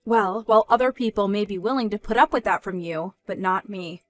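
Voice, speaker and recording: A woman voicing a calm young working woman who answers in a measured, polite but firm way in a dramatized story. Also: medium pitch, faint music behind, close to an everyday voice.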